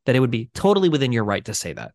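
A man's voice: medium pitch, wildly swooping pitch, racing, creaky, darkish tone, no echo, studio quality. A man in a heated online debate, pressing his opponents, interrupting and demanding yes-or-no answers over a video call.

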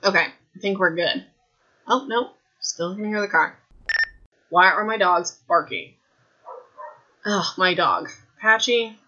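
A woman's voice: fairly low pitch, slow, long pauses, bright, forceful tone, dull audio. A young woman hosting a casual book recap podcast from home, chatty and rambling with self-deprecating asides. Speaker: podcast host. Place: home room. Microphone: desk mic.

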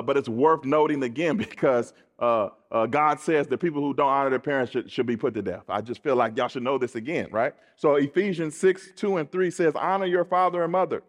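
A man's voice: on the high side, in a large hall. A male pastor preaching a sermon from the pulpit, emphatic and repeating his phrases, laughing between points. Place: church pulpit.

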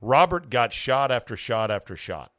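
A podcast host talks sports casually, swearing and giving strong opinions while acting out what players might say. His mid-range voice is very animated and fairly bright, at a normal speed. The recording is studio quality with no echo.

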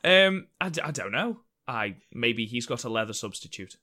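A man's voice: mid-range voice, very animated, moderate pace, pushed and bright. A man co-hosting a wrestling review podcast, chatty and jokey, swearing casually. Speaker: podcast co-host.

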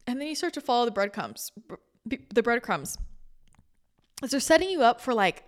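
A woman hosting a spiritual podcast, chatting casually in a rambling, animated way, full of restarts, laughter and casual swearing. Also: a little high, brisk. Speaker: spiritual channeler and podcast host.

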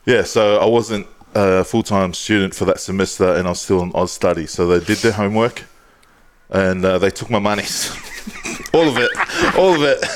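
A young man co-hosting a casual podcast, telling stories in an easygoing way, laughing often and swearing casually. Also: on the low side. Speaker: podcast co-host.

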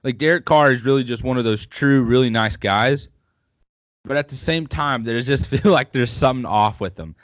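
A man's voice: mid-range voice, moderate pace, no echo. A man hosting a podcast, chatting casually and at length about football with opinionated rambling. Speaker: podcast host.

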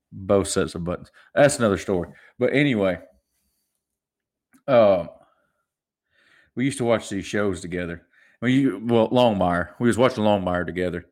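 A man in his twenties hosting a solo podcast, telling stories in a rambling, chuckling way with many restarts. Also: low-pitched. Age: 20s. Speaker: podcast host. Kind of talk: casual solo podcast storytelling.

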